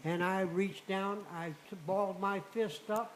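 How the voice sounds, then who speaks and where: High-voiced older man spinning a folksy yarn. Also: a little slow, a little hiss or hum, poor audio. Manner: folksy, animated storyteller acting out dialogue. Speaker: returning guest. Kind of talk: telling a personal story on a radio show.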